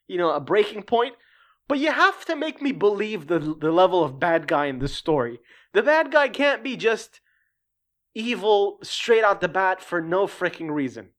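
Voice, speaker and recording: A reviewer talking through a show in a casual, rambling way, swearing freely and turning sarcastic, their voice climbing higher as they get worked up. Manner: animated, pitch climbing when worked up.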